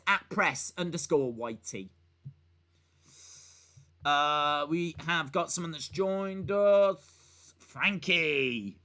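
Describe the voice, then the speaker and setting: Animated man reading stream chat. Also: a little high. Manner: playful, mock-baffled, joking rambles. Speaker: live stream host. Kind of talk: casual live-stream chat, reading viewer comments.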